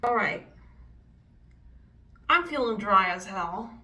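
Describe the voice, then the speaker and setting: A woman's voice: medium pitch, animated, slow pace, bright, forceful tone, distant mic. A young woman doing a casual makeup vlog, talking frankly and swearing often with frustrated outbursts. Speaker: beauty vlogger.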